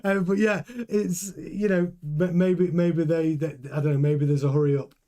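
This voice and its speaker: Man, live-stream host, casual chat, fairly high voice, thinks aloud with fillers. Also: steady tone, normal speed, dark tone. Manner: chatty and thinking aloud, with frequent fillers and self-corrections.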